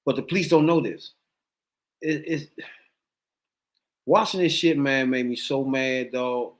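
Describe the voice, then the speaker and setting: A man's voice: medium pitch, fairly even intonation, unhurried. A man hosting a podcast, retelling a story in casual, slangy talk. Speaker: podcast host.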